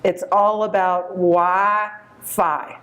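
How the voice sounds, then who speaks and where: A woman voicing a young male electronics salesman with a Texas drawl, who talks slowly and over-explains. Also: high voice, flat delivery, fairly bright tone, highs cut off, exaggerated voice. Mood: patronizing. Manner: slow, over-explaining, polite "ma'am".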